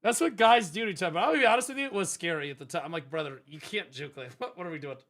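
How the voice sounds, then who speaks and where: Male streamer, high bright voice, profane animated storyteller, casual chat. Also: rapid-fire, creaky. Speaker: streamer, former teacher.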